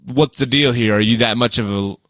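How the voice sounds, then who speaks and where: A podcast co-host with a medium-pitched voice talks fairly quickly in a dry recording. During the casual chat he tells stories animatedly, acting out the people he quotes.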